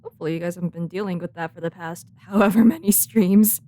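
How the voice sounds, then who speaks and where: A woman's voice: fairly low pitch, fast, dark tone, slight background noise. A woman streamer giving playful, giggly commentary while she plays a game and talks back to the characters. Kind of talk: casual gameplay commentary. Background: faint game music.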